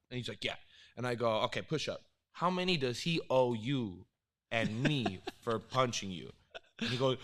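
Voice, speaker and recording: A man who coaches martial arts, chatting casually and telling animated stories with frequent laughs. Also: mid-range voice, moderate pace. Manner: animated storyteller, laughs often. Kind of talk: casual watch-along chat.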